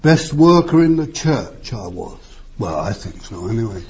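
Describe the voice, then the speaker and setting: Older preacher, lively pitch, husky. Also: male voice, moderate pace. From East End of London. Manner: emphatic, rhetorical questions, wide swings in pitch. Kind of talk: sermon. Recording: muffled lo-fi sermon recording.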